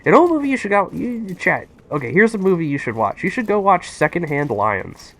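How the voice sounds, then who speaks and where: An excitable young man rambles to his chat while he plays a game on stream. His voice sits a little high for a man and jumps all over the place as he gets worked up. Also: brisk. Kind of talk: casual live-stream chat while gaming.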